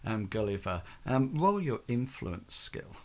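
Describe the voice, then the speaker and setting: Slow, halting game-master man. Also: on the low side, big pitch swings. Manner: halting, filler-heavy narration. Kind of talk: narrating a tabletop game.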